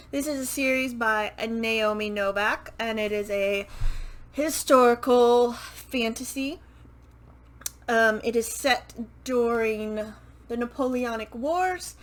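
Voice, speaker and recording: Poor audio captures a woman with a slightly high, bright voice talking casually to camera about a book series. As a book vlogger facing her microphone, she rambles with self-correcting asides and casual swearing.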